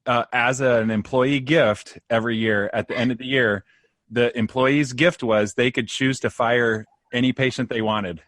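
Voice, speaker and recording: A man's voice: medium pitch, fairly even intonation, moderate pace, fairly bright tone, no echo. A man co-hosting a podcast in a friendly, jokey way. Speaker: podcast co-host. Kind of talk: casual podcast chat.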